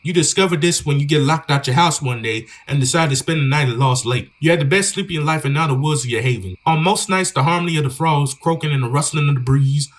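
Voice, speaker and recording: A man's voice: a little high, fast talker, hardly any pauses. A man giving joking, slangy commentary on a horror game while reading its dialogue aloud. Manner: joking, slangy, riffing on the story. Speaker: gaming YouTuber.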